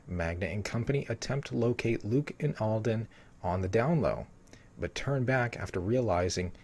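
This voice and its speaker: A man's voice: on the low side, darkish tone. A man giving a casual spoiler rundown of a TV episode, reading bits of a summary and rambling with lots of filler words. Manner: rambling, heavy with "you know" fillers.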